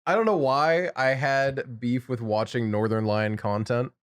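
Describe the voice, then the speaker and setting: A man's voice: medium pitch, a little slow. A man co-hosting a casual podcast, telling rambling stories with wry, sarcastic asides. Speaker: podcast co-host.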